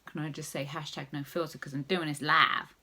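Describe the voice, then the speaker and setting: A woman talks her viewers through a makeup tutorial in a loose, rambling way, full of jokey asides. Her voice sits very low with a lot of gravelly fry. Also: level tone, brisk, sharp tone. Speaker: makeup vlogger. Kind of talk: casual makeup tutorial chat.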